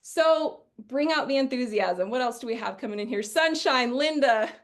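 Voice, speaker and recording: A middle-aged woman from Wisconsin giving a chatty, energetic sales training webinar, often acting out what customers say. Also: high voice, moderate pace.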